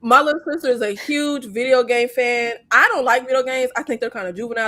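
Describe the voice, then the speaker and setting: A woman hosting a casual movie review chat, blunt and profane, talking in an animated way. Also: a little high, fast. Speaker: host.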